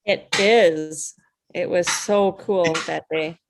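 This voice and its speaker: Slow-talking low-voiced woman. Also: fairly even intonation, background noise. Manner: laid-back, easy laughter. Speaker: host of a paramotoring talk show. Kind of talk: casual chat on a video call. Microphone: video call.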